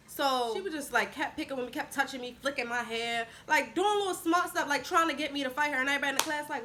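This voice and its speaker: A woman in her twenties tells a casual storytime vlog in a high, bright voice. She is chatty and animated, acting out what people said. A faint hiss sits under the recording. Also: quick pace. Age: 20s. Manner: chatty, animated retelling with acted-out quotes. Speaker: vlogger.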